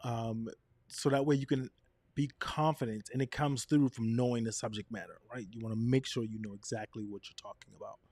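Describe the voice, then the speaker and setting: Here a man speaks fairly quickly in a mid-range voice, with no room sound. His lively lesson on camera presence is peppered with "right?", and he varies his tone to show what he means.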